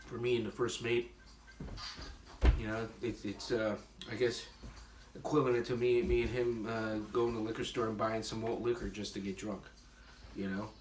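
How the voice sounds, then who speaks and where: In this casual vlog a man tastes and critiques his own homebrewed beer, rambling with fillers and self-deprecating humor. He speaks at a moderate pace in a lowish voice with a flat delivery. The mic is distant, leaving the recording roomy and noisy.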